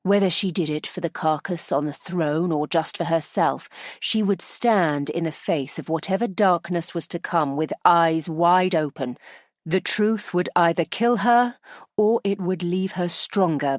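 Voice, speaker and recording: A woman narrating an audiobook in a measured, grave storytelling manner. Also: low voice, dry recording, studio quality. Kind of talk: scripted narration.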